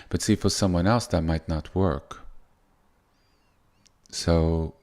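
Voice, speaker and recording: A man giving soft-spoken, unhurried spiritual teaching, often restarting his sentences. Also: low voice.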